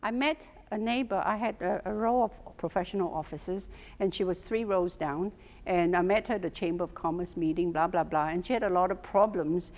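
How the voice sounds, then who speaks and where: A middle-aged woman teaching a class as a hypnotherapy instructor, telling lively stories and laughing often. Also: lowish voice, brisk. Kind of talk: storytelling lecture to a class. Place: teaching room with an audience. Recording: long hall reverb.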